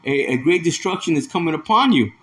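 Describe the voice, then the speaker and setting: A man giving informal scripture teaching. He reads verses aloud slowly and often repeats words, breaking in with "man" and "see". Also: on the high side, expressive. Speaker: Bible teacher.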